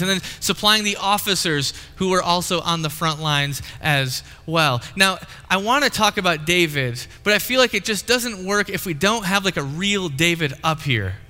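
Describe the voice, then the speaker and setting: Bright-voiced pastor preaching in a reverberant hall. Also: male voice, high-pitched. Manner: storytelling, acts out quotes playfully. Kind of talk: sermon with live demonstration.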